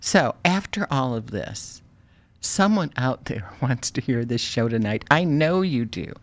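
A woman's voice: a bass voice, expressive, a little slow. A woman hosting a radio show in a silly, playful way, laughing often between lines.

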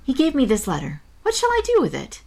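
A woman's voice: high-pitched, huge pitch swings, a little fast, vocal fry, a little mellow, voice pushed up, exaggerated voice. Woman reading as a prim, earnest schoolgirl. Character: proper, modest young schoolgirl, earnest.

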